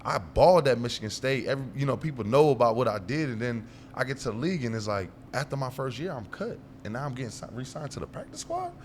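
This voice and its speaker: A young man telling stories as a guest in a casual interview, animated and acting out the dialogue as he goes. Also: medium pitch, fast, hardly any pauses, slight background noise. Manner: animated storyteller who acts out quoted dialogue. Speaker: guest, pro football player.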